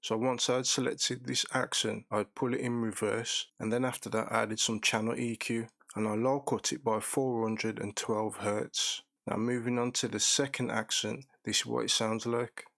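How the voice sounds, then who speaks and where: A man hosting a beat-making tutorial, walking through each production step in a calm, methodical way. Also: medium pitch, normal speed, gravelly, few pauses, dry recording.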